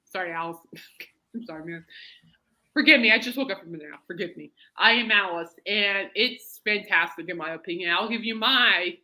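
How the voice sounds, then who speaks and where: A woman's voice: medium pitch, normal speed, sharp tone. A woman hosting a podcast, chatting casually and rambling through stories. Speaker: podcast host. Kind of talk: casual chat.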